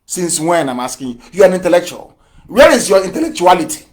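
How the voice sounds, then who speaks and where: A man giving a live radio address, fiery and mocking, firing off rhetorical questions and swinging from loud outbursts to low mutters. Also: big pitch swings, fairly quick. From Nigeria. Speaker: broadcaster.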